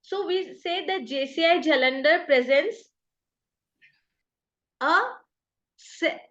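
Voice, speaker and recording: A woman with an Indian English accent leads an online workshop, her high voice carrying steady step-by-step explanations. The call audio sounds slightly dull. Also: takes it slowly. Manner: patient, explains step by step with examples. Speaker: workshop trainer. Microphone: video call.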